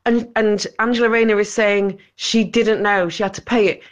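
A woman phones in to a talk radio show with a voice of middling pitch. She chats in a wry, rambling way, circling back over her point to make it plain. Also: fairly even intonation, normal speed. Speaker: caller. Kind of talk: phone-in opinion.

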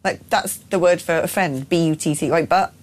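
A woman from the West Country with a West Country accent, co-hosting a radio talk show in playful, animated chat. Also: fairly low pitch, normal speed. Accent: West Country English. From West Country of England. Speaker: radio co-host.

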